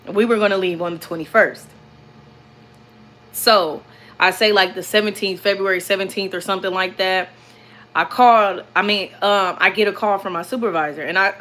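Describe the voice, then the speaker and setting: A young woman tells a story to her viewers in an animated, rambling way, repeating herself and calling out to them. Her voice is bright and clear, at a middle pitch. She talks casually from the cab of her truck. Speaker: vlogger.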